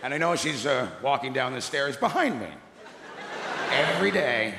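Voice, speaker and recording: A middle-aged man doing stand-up comedy on a large theatre stage, gruff and ranting with deadpan asides. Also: mid-range voice, moderate pace, background noise. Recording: echoey theatre with loud laughing crowd.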